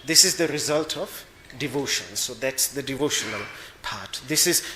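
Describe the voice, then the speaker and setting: A man giving a spiritual discourse as a Vedanta teacher, slow and measured, pausing to search for words as he explains. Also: mid-range voice, lively intonation, bright, forceful tone, roomy sound, slight background noise.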